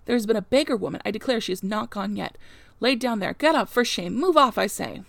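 A woman voicing a blunt, suspicious old female servant who scolds in a rustic dialect, a little higher and louder than her own reading voice. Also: very fast, creaky, dry recording. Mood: scolding.

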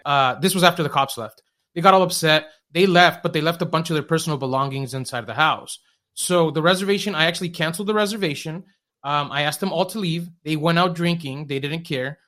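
A man, a short-term rental host, casually telling a long story on a podcast with lots of fillers and acted-out quotes. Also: a little high. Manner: fast, animated retelling with filler words and quoted dialogue.

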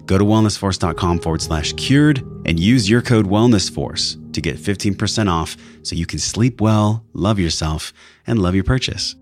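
A man with a raspy, hoarse voice from a sinus infection, hosting a podcast and reading ads with enthusiastic, playful talk straight to his listeners. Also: sits low, normal speed, faint music behind. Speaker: podcast host. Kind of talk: podcast intro and ad reads.

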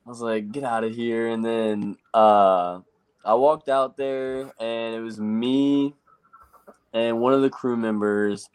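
A young man with a medium-pitched, slightly mellow, clean voice speaks slowly as a race truck driver guest in an interview. He tells his story casually and rambles, quoting himself with plenty of "like."

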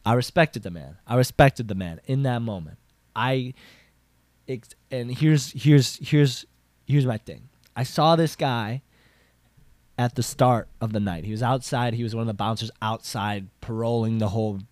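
A man's voice: a little slow, no room sound. A young man rambles through a story on his own show, full of "like" and false starts, his voice jumping up when he gets worked up. His mid-range voice sounds close and dry, with no room around it. He sounds casual and chatty. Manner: rambling, filler-heavy with frequent "like" and restarts; animated, jumps up in pitch for emphasis. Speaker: podcast host.

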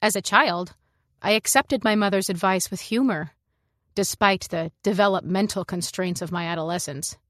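An actress narrating a science fiction short story in the first person, in a measured, composed reading. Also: female voice, medium pitch, fairly bright tone, no room sound, studio quality.

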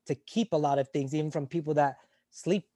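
Retired Navy corpsman in his 40s, interview guest; mellow, raised male voice, candid and profane, halting delivery. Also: fairly high pitch, fairly even intonation, no room sound, studio quality. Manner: frank and emotional, swears freely, halting restarts. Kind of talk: candid conversational storytelling.

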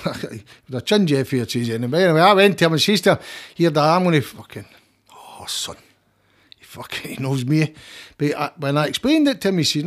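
A middle-aged man with a Scottish accent, talking as a guest in a heated, emphatic, sweary way with many restarts. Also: on the high side. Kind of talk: casual interview chat.

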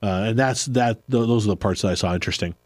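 Middle-aged male co-host, low voice, dry recording, loose and rambling. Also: quick pace, dry recording, faint music behind. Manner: rambling, self-correcting. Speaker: podcast co-host. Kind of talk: casual chat.

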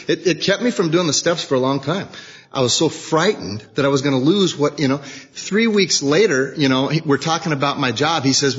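A man's voice: on the high side, a little fast, slightly rough. A man sharing his story at a recovery meeting, rambling and self-deprecating, acting out bits of dialogue. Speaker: AA meeting speaker. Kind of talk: personal recovery share. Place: meeting hall. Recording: dull lo-fi tape in a reverberant hall.

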